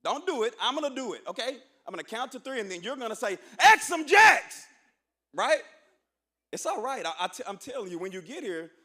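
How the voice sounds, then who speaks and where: A man's voice: high-pitched, a bit bright. A man giving a rousing, preacher-like motivational speech to new students in a large auditorium. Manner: preacher-like, emphatic, calls for audience response. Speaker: university administrator speaking at orientation.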